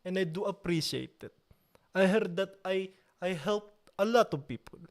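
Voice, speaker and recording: A young man from Italy hosting a live stream, chatting casually with viewers in a playful mock-outraged way. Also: high voice. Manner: playful mock outrage, slow drawn-out delivery. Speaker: livestream host.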